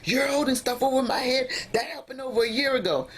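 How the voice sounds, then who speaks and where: A woman's voice: high-pitched, quick pace, pitched above the performer's own voice, close to an everyday voice. A woman mimicking her angry, defensive boyfriend with a raised, pushy voice. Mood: indignant. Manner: indignant, loud, dismissive.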